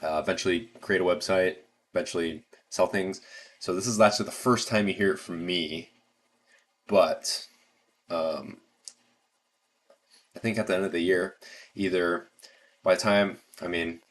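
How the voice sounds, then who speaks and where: A man's voice: low-pitched, fairly even intonation, normal speed, pauses often. A man with an American accent hosting a casual livestream, rambling with lots of fillers and restarts. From United States. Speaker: livestream host.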